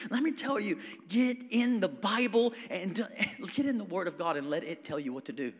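A man preaching to a congregation in a fairly high, bright voice. He calls out for amens and swings from loud preaching to soft, hushed prayer. His voice rings with a long reverb from the church sanctuary. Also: lively intonation, brisk, few pauses. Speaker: pastor. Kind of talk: sermon.

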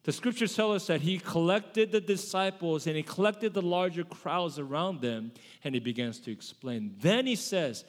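A male pastor delivers a sermon in a relaxed, conversational style, often stopping to correct himself. His voice sits a little high. The sound carries a long reverb, like a large church sanctuary. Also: moderate pace, hardly any pauses. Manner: conversational preaching with self-corrections.

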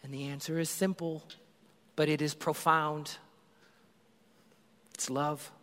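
High-voiced animated preacher in a hall. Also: male voice, takes it slowly. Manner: animated storytelling, acts out crowd voices. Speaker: pastor. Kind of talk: sermon.

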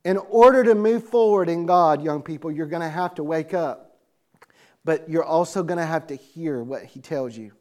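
High, lively man preaching to youth. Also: normal speed. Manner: lively, laughing, calls on audience members. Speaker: youth pastor. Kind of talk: animated sermon with acted-out bible story.

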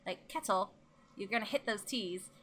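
Woman, young adult, bright tone, chatty casual talk with easy laughs. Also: medium pitch, moderate pace, a little hiss or hum. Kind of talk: casual chat.

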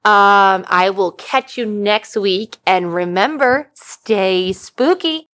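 A woman hosting her podcast, rambling casually through the sign-off in a chatty, easygoing way. Her voice sits at an ordinary middle pitch. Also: slow pace, a bit bright, slight background noise. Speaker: podcast host.

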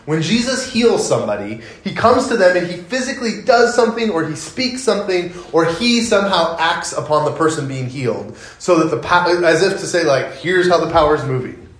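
High-voiced male pastor, animated sermon. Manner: animated storytelling, acts out the people in the story. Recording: echoey room.

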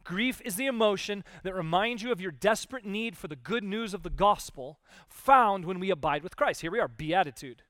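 Male pastor, sermon delivery, casual and animated, slightly raised pitch, dry close sound. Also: normal speed, hardly any pauses, no echo. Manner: conversational, animated, acts out quoted voices.

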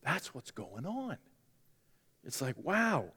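A man's voice: a little high, wildly swooping pitch, slow pace, sharp tone, husky, long reverb tail. A man preaching a sermon in a conversational way, with joking asides to the congregation. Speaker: pastor.

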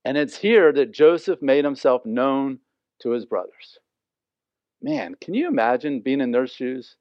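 A man's voice: medium pitch, big pitch swings, measured pace, no echo. A man teaching a Bible passage in an earnest, conversational way, often asking listeners to imagine the scene. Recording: dry, slightly dull lo-fi sound.

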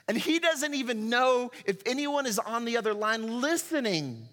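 A man's voice: very high voice, big pitch swings, normal speed, hardly any pauses, pushed and bright, big-room sound. A middle-aged man preaching a sermon as pastor, emotional and rising to impassioned cries as he reads scripture.

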